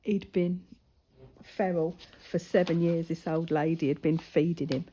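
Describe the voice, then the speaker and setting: Deep and mellow with fairly even intonation, this woman speaks a little slowly, with a bit of hiss or hum in the audio. The crafting vlogger, mother to a grown daughter, chats through a rambling personal story while colouring, often almost whispering.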